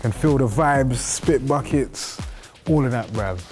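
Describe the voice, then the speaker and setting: A man's voice: medium pitch, takes it slowly, darkish tone, faint music behind. A man hosting in a slangy, joking casual chat. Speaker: host.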